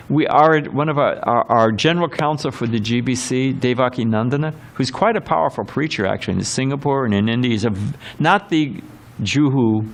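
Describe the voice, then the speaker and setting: A man giving a temple scripture class in a rambling, conversational way, full of asides and acted quotes. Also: medium pitch. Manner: rambling and conversational, many fillers and quoted voices. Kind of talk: temple sermon lecture. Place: temple hall.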